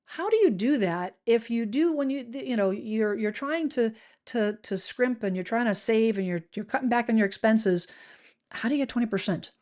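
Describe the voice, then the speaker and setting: A middle-aged woman and real estate agent talking to camera, chatty and animated, often restarting her sentences. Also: a little high. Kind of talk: casual explanatory talk to camera.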